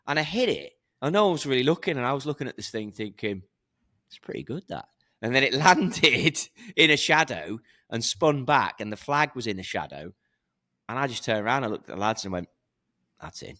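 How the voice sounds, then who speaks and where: A man co-hosting a casual podcast, with a bright, forceful voice. He tells his stories with gusto and puts on the voices of the people in them. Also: medium pitch, big pitch swings, fairly quick. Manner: storytelling, acts out quotes. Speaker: podcast co-host. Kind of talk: casual chat.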